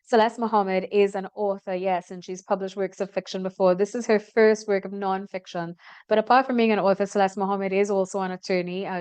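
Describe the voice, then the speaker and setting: Woman interview host, smooth and clear, measured and encouraging. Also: mid-range voice, darkish tone. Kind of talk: broadcast interview.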